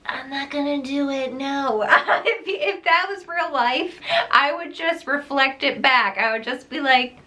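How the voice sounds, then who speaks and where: A woman's voice: high-pitched, a little slow, pushed and bright. A woman reviewing books in a casual, emphatic rant, often breaking into laughter. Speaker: book reviewer. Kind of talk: casual ranting book wrap-up.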